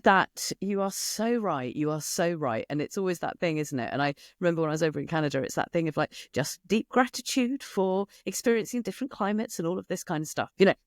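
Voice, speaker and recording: A woman's voice: fairly low pitch, fast talker, few pauses, no echo, clean studio sound. A British woman hosting a podcast interview, playful and jokey, laughing often. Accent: British English. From Britain. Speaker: podcast host. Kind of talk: casual interview chat.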